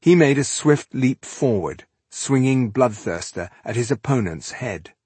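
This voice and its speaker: A man reading an audiobook in an even, measured narration. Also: medium pitch, slightly rough, no echo.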